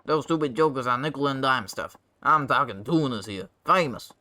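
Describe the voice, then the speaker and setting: A man voicing an excitable man on the run who keeps calling his listener boy, in a raised, pleading voice. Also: medium pitch, normal speed. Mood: eager. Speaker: game character voiced by a player.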